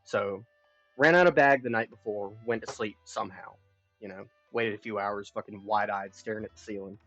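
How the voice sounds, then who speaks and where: A young man livestreaming, telling a long personal story in a rambling, profane way, dropping to mumbles and rising to loud bursts. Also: on the low side, moderate pace, no room sound, faint music behind. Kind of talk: casual confessional storytelling. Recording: dull lo-fi stream audio.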